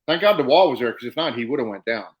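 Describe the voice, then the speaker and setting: Casual middle-aged dude co-hosting a podcast, animated storyteller. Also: male voice, medium pitch, very fast, poor audio. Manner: animated storyteller, acts out quotes. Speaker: podcast co-host, former wrestler.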